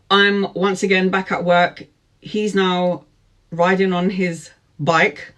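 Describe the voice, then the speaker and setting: A woman in her forties telling a personal story, lively, laughing often and acting out what people said. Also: fairly low pitch, very slow, long pauses. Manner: lively, laughs often, acts out quoted speech. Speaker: tarot vlogger. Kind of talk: storytime chat.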